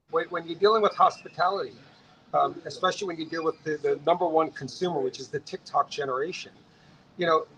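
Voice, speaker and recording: Fast-talking energetic male entrepreneur. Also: a little high, a little hiss or hum, poor audio. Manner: fast, energetic, frequent restarts and stammered repeats. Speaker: restaurant entrepreneur guest. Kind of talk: conversational interview storytelling.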